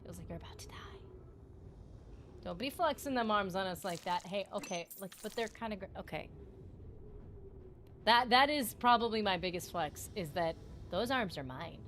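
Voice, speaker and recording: A woman's voice: mid-range voice, expressive, normal speed, long pauses, fairly bright tone, a little hiss or hum. A woman livestreaming a video game, chatting with her viewers in a giggly, rambling and playful way, teasing them and her partner. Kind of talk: casual gaming livestream chat.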